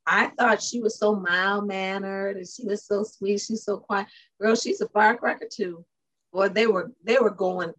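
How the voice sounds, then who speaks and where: Co-host, woman, husky voice, animated storytelling, easy laughter. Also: medium pitch. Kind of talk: casual chat.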